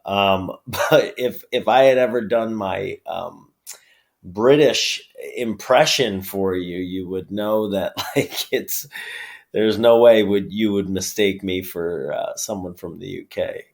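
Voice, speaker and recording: A man from upstate New York with a New York accent, a wrestler chatting as a guest in an easygoing, halting way. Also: lowish voice, vocal fry. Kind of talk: casual interview chat.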